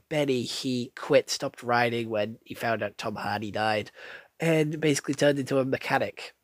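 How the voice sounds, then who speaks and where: A man's voice: mid-range voice, dry recording. Male film reviewer, off-the-cuff and blunt, swears a lot, dry recording. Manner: rambling, blunt, swears freely, many fillers. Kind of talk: casual spoken film review.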